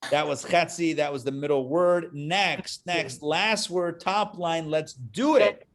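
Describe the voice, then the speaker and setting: Chatty male reading teacher on a video call, a touch high-pitched, joking while drilling syllables. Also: slow pace. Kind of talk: live online class teaching.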